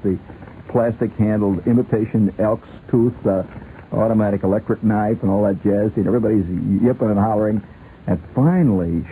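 A warm-toned male voice on the low side belongs to a radio host. He rambles playfully through comic talk with plenty of laughter, and the sound is tinny lo-fi radio with faint hiss.

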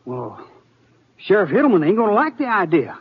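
Jumpy young cowhand w/ a drawl, stammers, kinda husky, lively pitch, old radio sound. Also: male voice, fairly quick, exaggerated voice. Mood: anxious. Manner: stammering, anxious. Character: nervous young cowboy, stammering. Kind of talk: 1950s radio drama acting. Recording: muffled old radio broadcast.

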